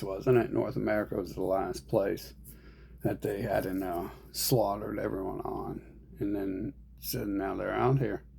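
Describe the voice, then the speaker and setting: A man's voice: lowish voice, gravelly, darkish tone, breathy edge. A man ranting in a rambling monologue, profane and agitated, speaking as an online commentator.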